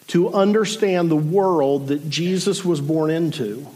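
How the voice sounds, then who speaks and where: High-voiced pastor preaching earnestly. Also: male voice, a little mellow. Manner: earnest, measured preaching with pauses and asides. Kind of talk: sermon.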